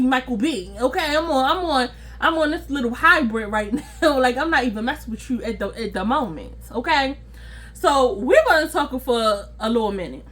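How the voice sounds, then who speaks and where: A woman telling a personal story to her viewers in a casual, animated, slangy way, often breaking into laughter. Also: high-pitched. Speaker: storytime vlogger.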